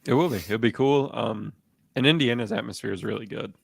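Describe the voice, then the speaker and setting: Gravelly low-voiced man chatting sports. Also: a little fast, no room sound. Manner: relaxed, rambling with many fillers and restarts. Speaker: podcast co-host. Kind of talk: casual sports chat.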